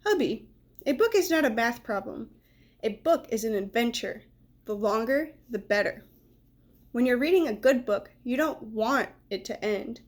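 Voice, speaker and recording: A caring mother reassures and lectures her son in a patient storybook voice, put on by a woman reader. The tone sits slightly high and stays calm and steady. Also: moderate pace. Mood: gently lecturing.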